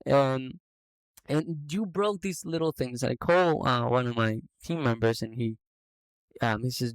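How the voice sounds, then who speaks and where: Animated man telling a story. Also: mid-range voice, measured pace, clean tone, dry recording, rough recording. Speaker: business owner. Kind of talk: casual podcast storytelling.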